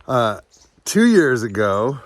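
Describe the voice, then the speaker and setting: A man talking through a farm vlog at an easy, slow pace, his voice sitting in a middle pitch. He chats casually and coos at his animals with soft chuckles. It's caught on a camera mic outdoors, with a faint hiss of noise behind him. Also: very animated. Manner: slow, fond baby talk to his animals, chuckling often. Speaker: farmer vlogger.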